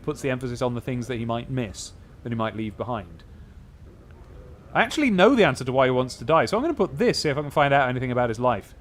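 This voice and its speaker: A man's voice: mid-range voice, expressive, fairly quick, soft background music. A man playing a role-playing game, reading its text aloud and thinking through his choices in a casual, musing way. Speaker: let's play host.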